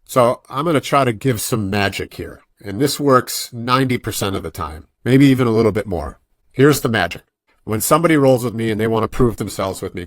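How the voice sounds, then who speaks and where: A man's voice: fairly low pitch, no room sound, studio quality. A man being interviewed on a podcast, a jiu-jitsu coach talking casually and acting out voices in his stories. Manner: animated storytelling, acts out quoted voices.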